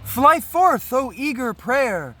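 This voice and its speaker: A man's voice: extremely high pitch, sing-song, slow pace, sharp tone, voice pushed up, exaggerated voice. A man reading aloud the lines of a chorus of young women praying for a city, declaiming with sing-song lifts. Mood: solemn. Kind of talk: dramatic reading of an old play.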